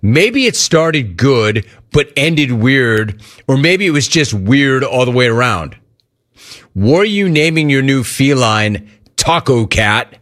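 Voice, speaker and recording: On his sports talk show, a middle-aged man takes listener questions slowly in a medium-pitched voice. He's casual and animated, reenacting conversations from memory.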